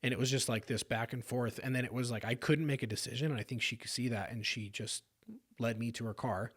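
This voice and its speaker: A man from South Sacramento, a podcast guest, telling a personal story earnestly with halting restarts. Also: medium pitch, steady tone, breathy edge. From South Sacramento, California.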